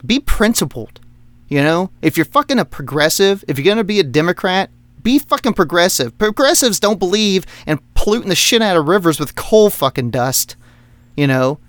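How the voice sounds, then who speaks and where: A man's voice: sits high, animated, normal speed, fairly bright tone, no echo. A man co-hosting a podcast, ranting heatedly about politics, swearing constantly and laughing between points. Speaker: podcast co-host. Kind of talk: profane political rant.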